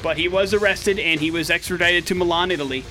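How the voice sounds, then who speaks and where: A male radio host with a high, bright, forceful voice tells a news story in chatty, wry banter, dropping dry jokes along the way. Faint music plays under him in the studio. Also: fairly even intonation, fast. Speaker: radio morning show host.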